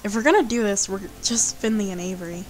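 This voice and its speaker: A woman's voice: medium pitch, fast talker, low-quality recording. A woman hosting a let's play, reading a visual novel aloud and breaking off for playful, chatty asides.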